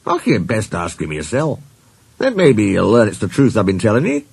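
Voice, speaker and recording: A man voicing a fussy male engine with a Scottish accent in a storybook reading, speaking hoarsely. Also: on the low side, huge pitch swings, moderate pace, dry recording, full character voice. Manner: hushed and hoarse, then raised.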